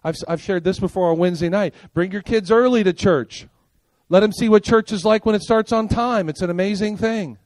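An older man preaching a sermon as pastor, emphatic, firing rhetorical questions and asking the congregation if they are with him, swinging from loud punchy lines to quiet low ones. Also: brisk, few pauses, dry recording. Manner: emphatic, rhetorical questions and call-and-response checks.

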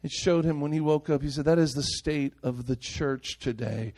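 A male pastor preaching a sermon with passion, moving between raised, urgent lines and quiet, hushed ones. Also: on the high side, normal speed. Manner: impassioned preaching, swinging between loud and hushed.

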